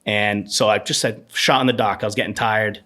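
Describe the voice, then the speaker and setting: A man's voice: lowish voice, a little fast. Chatty man telling bar-job stories. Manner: animated, rambling anecdotes with frequent fillers. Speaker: podcast guest, bartender. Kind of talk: casual storytelling interview.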